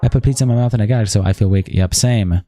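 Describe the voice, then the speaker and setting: A man streaming, reading a heated argument aloud from a document in a quick, run-on way, swearing often. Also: lowish voice, dark tone, no room sound, clean studio sound, faint music behind.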